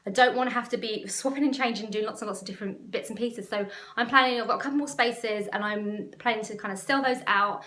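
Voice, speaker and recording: A woman's voice: a little high, fast talker, hardly any pauses, bright, forceful tone, echoey room. A woman business coach talking to camera in an emotional, passionate, rambling way. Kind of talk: casual talk to camera.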